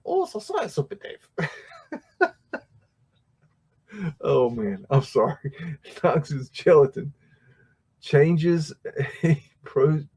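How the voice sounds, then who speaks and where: Husky and warm at a medium pitch, a man hosts a livestream where he casually wanders through old pictures. He often restarts, leans on fillers and chuckles frequently.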